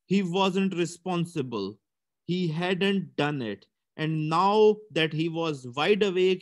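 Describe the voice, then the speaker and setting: A male teacher reading a story aloud for a comprehension lesson, stumbling now and then and correcting himself. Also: sits high.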